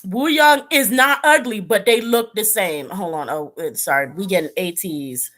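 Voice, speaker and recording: A woman hosting a casual commentary chat, talking loosely and breaking into loud laughing shouts. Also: mid-range voice, normal speed. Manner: chatty, bursts into laughing shouts. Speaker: host.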